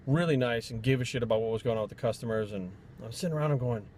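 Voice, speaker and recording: Guy from rhode island ranting on his vlog, swears constantly, talks real fast. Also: medium pitch, darkish tone, slight background noise. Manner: profane, blunt, rambling storytelling. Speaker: fitness trainer. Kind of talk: casual vlog rant.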